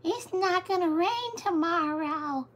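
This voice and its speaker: A woman putting on a high, sing-song voice of a chatty old grandma. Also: animated, slow, fairly bright tone, exaggerated voice. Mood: flat.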